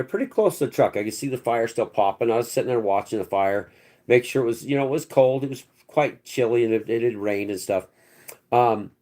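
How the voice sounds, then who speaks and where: This man runs his own channel and recounts a personal story in loose, slangy fashion, often starting over and cursing. His voice is medium in pitch with a somewhat dark tone.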